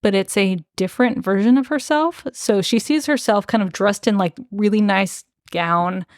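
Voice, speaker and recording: A woman's voice: mid-range voice, normal speed, no room sound, studio quality. A young woman co-hosting a podcast, recapping a book in casual chat, full of filler words and swearing. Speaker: podcast co-host.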